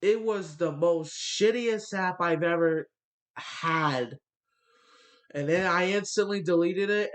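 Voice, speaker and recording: A man ranting bluntly into the camera, swearing often and filling pauses with fillers, his nose stuffy from a cold. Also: a little high. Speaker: vlogger. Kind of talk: ranting monologue.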